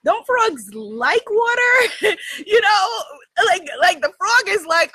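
High-voiced woman telling a story to her viewers, bright and animated, laughing a lot, dry close sound. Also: unhurried, no room sound. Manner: animated, laughs often, asks "right?". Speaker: host addressing her viewers. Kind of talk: casual storytelling chat.

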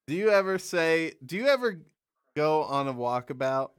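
A man's voice: a little high, expressive, moderate pace, clear, resonant tone. A man hosting a podcast, interviewing a guest in a joking, playful way. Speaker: podcast host. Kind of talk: casual interview chat.

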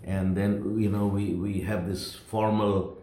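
A man's voice: lowish voice, level tone, takes it slowly, dark tone, reverberant. A male pastor preaching from his home, telling a story in a rambling, conversational way with many restarts. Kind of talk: sermon told as a personal story.

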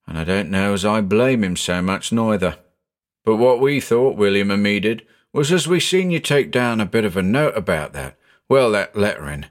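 A man's voice: on the low side, lightly acted. A man voicing a chatty working-class male tram conductor who rambles in thick dialect, in a storybook reading.

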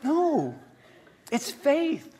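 A middle-aged male pastor preaching a sermon, telling a story with lively energy and acting out the voices of the people in it. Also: very high voice, extremely slow.

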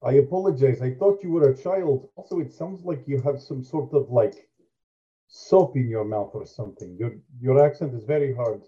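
A man's voice: medium pitch, normal speed, dark tone, muffled recording. A man voicing a big, toothy male creature who talks in a stiff, formal, suspicious way. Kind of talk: tabletop role-play.

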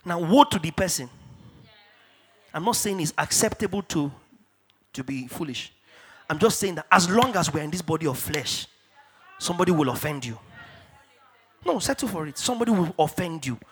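A middle-aged man from Africa preaching a sermon in church, emphatic and repetitive, dropping to hushed asides and rising to shouted declarations. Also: fairly high pitch, lively intonation, moderate pace, pauses often, slightly rough. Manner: repeats key phrases for stress. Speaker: pastor.

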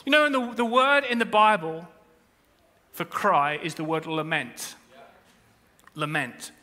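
Pastor guy preaching, super bright voice, jokey asides, church hall echo. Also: high voice. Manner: animated preaching, swings from quiet to shouting; humorous asides. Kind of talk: sermon. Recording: long reverb of a church hall.

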